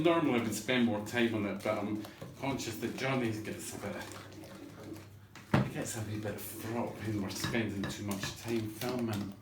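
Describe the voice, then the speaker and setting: A man's voice: lowish voice, very noisy. Man, home cooking host, cheeky rambling patter; echoey kitchen with pots and dishes clattering behind. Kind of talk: chatty cooking demonstration.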